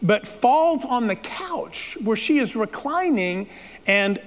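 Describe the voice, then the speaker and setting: High-voiced preacher in an echoing hall. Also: male voice, animated, slow pace. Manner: dramatic, playful retelling with asides. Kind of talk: sermon storytelling. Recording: long reverb of a large hall.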